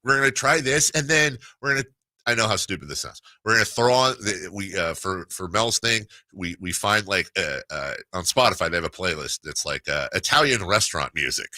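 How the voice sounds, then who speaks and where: A man's voice: sits low, expressive, a little fast, sharp tone, no room sound. A middle-aged man hosting a sports radio show, rambling and laughing through a casual story. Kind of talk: casual chat.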